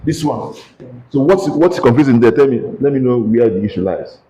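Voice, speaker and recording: A man's voice: medium pitch, expressive, normal speed, warm tone, echoey room, low-quality recording. A man with a Nigerian English accent teaching a physics lesson, questioning students and coaxing them to answer aloud. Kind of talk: classroom lesson with call-and-response questions.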